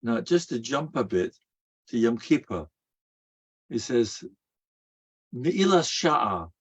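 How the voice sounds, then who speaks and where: Male rabbi, mid-pitched storyteller, Yiddish-laced sermon, muffled lo-fi recording. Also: lively intonation, a little slow, darkish tone, slightly rough. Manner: storytelling, asks and answers his own rhetorical questions; sprinkles Hebrew and Yiddish terms. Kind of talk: sermon to a live audience. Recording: dull lo-fi recording.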